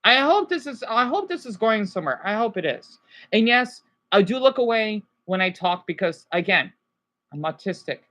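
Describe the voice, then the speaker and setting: A woman's voice: medium pitch, big pitch swings, normal speed, fairly bright tone. A woman from Arizona with an American accent, ranting through a rambling livestream monologue on a basic home setup and pressing her points with repeated "okay?"s. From Arizona, USA. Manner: rambling, emphatic, keeps asking "okay?".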